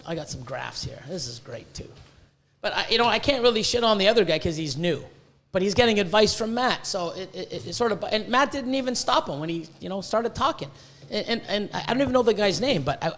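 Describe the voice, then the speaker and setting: Swearing nonstop, this high-voiced podcast host from Canada rants bluntly about reptile breeding. His tone is a bit bright, and he comes across as heated and profane.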